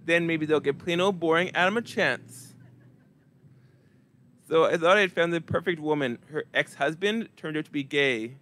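A man performing a stand-up comedy set with a flat, deadpan, monotone delivery. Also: a little high, moderate pace.

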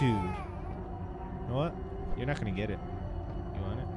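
A man's voice: lowish voice, expressive, unhurried, pauses often, background noise. Jumpy man joking through a horror game. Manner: jumpy, loud reactions and joking chatter. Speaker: gaming channel host. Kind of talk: casual horror game commentary.

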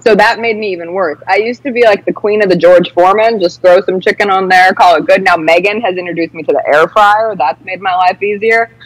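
A woman's voice: mid-range voice, brisk, few pauses, no echo, low-quality recording. A woman co-hosting a talk show, chatting in a self-mocking, chatty way. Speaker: co-host. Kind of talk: casual chat.

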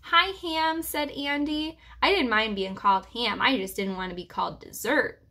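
A preschool teacher reading a chapter book aloud to children in a gentle, reassuring storyteller's manner. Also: female voice, medium pitch, moderate pace.

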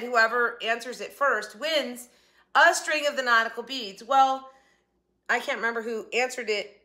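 A woman with a bright, somewhat high voice chats to her viewers from her home kitchen, recorded on a phone. She rambles and breaks off her own sentences as she talks. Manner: chatty, rambling, self-interrupting. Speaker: channel host. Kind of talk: casual haul vlog chat. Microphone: phone camera.

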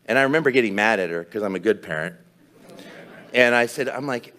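A man with a fairly low voice preaching a sermon, telling a personal story with humor and self-deprecation. His delivery is conversational, with restarts and asides. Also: expressive, a little fast, pauses often, bright, forceful tone. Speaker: pastor.

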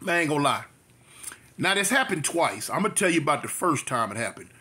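High, bright-voiced storytelling man. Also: big pitch swings, fast, a little hiss or hum. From South Central Los Angeles. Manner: chatty, repetitive, loose street slang. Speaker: vlogger. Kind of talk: storytime monologue.

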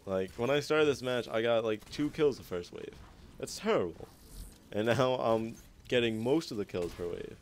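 A man's voice: mid-range voice, lively intonation, normal speed, a little hiss or hum. A young man giving rambling gameplay commentary over a recorded match, swearing often and mocking his own play.

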